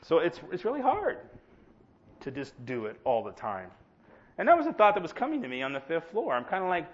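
A man preaching a sermon in an animated, sarcastic, self-mocking way. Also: high voice, normal speed, long pauses. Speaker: pastor. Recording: dull lo-fi sound.

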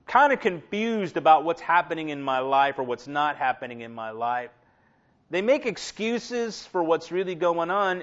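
A middle-aged man preaches in a loose, joking way, full of asides and stories. His voice sits a bit high for a man, and the recording is dull and lo-fi. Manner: humorous, animated storytelling with asides. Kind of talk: conversational sermon.

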